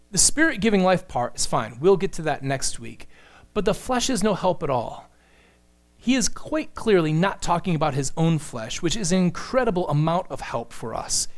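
A man preaching an earnest sermon, working through scripture verse by verse. His voice sits a bit higher than most men's. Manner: earnest teaching with acted-out quotes. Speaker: pastor.

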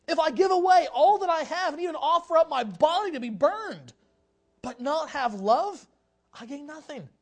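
A pastor preaching a sermon to a congregation, talking in a conversational way with casual asides, reading scripture aloud and building to shouted exhortation. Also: high-pitched, lively intonation, moderate pace.

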